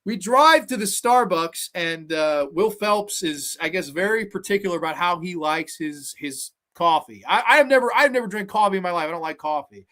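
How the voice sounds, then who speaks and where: Young man, high voice, rambling, swearing, casual host chat. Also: normal speed, hardly any pauses. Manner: animated, profane, rambling. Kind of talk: casual storytelling and movie commentary.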